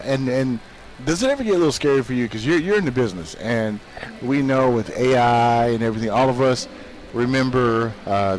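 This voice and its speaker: A man's voice: mid-range voice, low-quality recording. A male tech show host asks chatty, rambling questions in an on-site interview. His voice sits in an ordinary middle range. Faint background noise runs under the recording.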